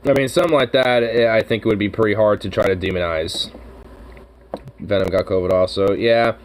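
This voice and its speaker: A man's voice: fairly low pitch, a little fast, slight background noise, rough recording. A man riffing casually on an old film, laid-back and rambling, with plenty of swearing.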